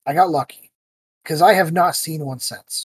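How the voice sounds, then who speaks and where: A man hosting a podcast, telling stories in a casual, animated way and acting out the voices he quotes. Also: on the high side, moderate pace, husky, dry recording. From United States. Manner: animated storyteller who acts out quoted voices. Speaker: podcast host.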